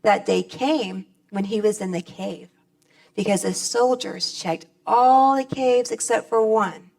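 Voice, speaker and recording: A woman's voice: mid-range voice, slow pace, gravelly, darkish tone. A middle-aged woman speaking on stage at a convention, giving a plainspoken, folksy personal testimony.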